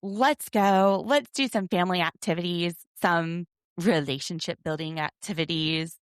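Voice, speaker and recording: A woman's voice: on the low side, unhurried, clear, resonant tone, no room sound, clean studio sound. A woman in her thirties hosting a podcast, giving a chatty, wry recap with self-deprecating asides. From United States. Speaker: podcast host. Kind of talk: casual recap commentary.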